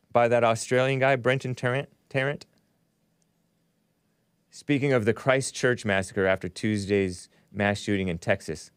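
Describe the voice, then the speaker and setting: Male host, mocking commentary, smooth clear voice, dry close sound. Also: medium pitch, dry recording. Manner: sarcastic, mocking, bursts into loud jeers. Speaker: talk show host. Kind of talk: casual political commentary.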